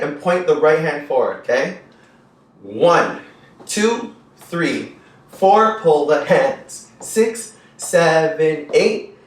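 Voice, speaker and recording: A young man teaching a dance routine, counting beats and scatting the rhythm in an upbeat way. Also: a little high. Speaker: dance instructor. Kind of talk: dance tutorial instruction. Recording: very echoey room, voice from a distance.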